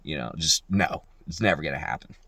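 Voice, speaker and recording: A man's voice: extremely low pitch, fairly quick, creaky, slightly rough, no room sound. A young man, a locksmith, telling a work story in a casual, profane way and mimicking the people in it. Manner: profane, animated, mimics voices in quotes.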